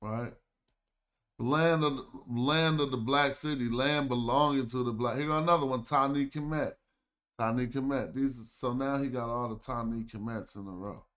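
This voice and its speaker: Aave guy on his stream, casual, mid-pitched, reads stuff out slow and thinks out loud. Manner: thinking aloud, sounding out words slowly. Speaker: livestream host. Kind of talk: casual livestream study talk.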